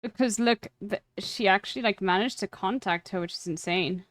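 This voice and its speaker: A woman's voice: medium pitch, normal speed, fairly bright tone, no room sound. A young woman streaming a game live, talking casually and chattily, swearing and poking fun at herself. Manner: chatty, swears, self-deprecating. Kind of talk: casual gaming commentary.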